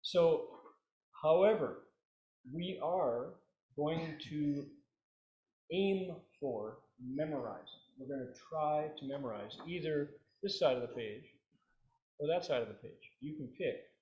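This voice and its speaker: A man teaching a meditation class, relaxed and joking, leading his students through chanted repetitions. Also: on the high side, slow pace, long pauses, highs cut off. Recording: roomy, echoey room.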